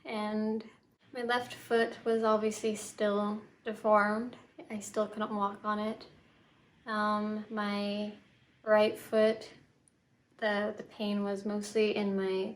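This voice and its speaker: A young woman telling her own story in a vlog, soft and halting, with many fillers and restarts. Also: medium pitch, monotone. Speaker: vlogger.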